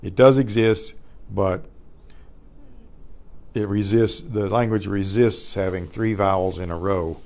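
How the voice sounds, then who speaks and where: A man teaching a Spanish grammar class, explaining patiently and clearing his throat often. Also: fairly low pitch, fairly even intonation, slow, long pauses, a little mellow. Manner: recites word lists carefully.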